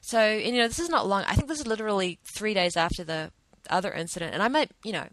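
A woman's voice: mid-range voice, quick pace, fairly bright tone, no echo. A woman telling a personal story to camera in an emotional, hesitant way, with many restarts.

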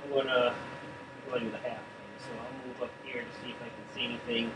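A man's voice: medium pitch, level tone, fast, fairly bright tone, distant mic, rough recording. A man playing in a tabletop game, casual and joking, recorded away from the mic with air-conditioner hum. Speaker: player.

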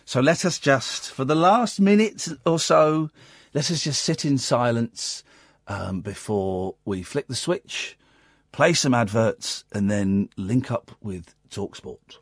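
Speaking slowly in an animated mid-range voice, a late-night radio host rambles sardonically through a casual monologue, erupting now and then in mock outrage. It's recorded in a radio studio on a studio mic, studio quality, with no room sound.

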